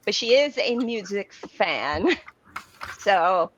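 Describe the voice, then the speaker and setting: A woman's voice: mid-range voice, lively intonation, takes it slowly, dry recording, lo-fi sound. A woman playing in a tabletop game, chatting casually and laughing often between her lines. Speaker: player.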